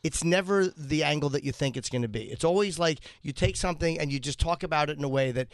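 Crude, effusive radio co-host. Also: male voice, fairly high pitch, no echo. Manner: effusive, crude, rapid-fire banter. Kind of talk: casual radio chat.

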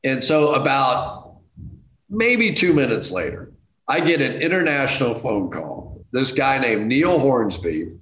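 A middle-aged man telling a casual anecdote as a guest, self-deprecating and animated, jumping to high excited outbursts. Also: unhurried. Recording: roomy echo.

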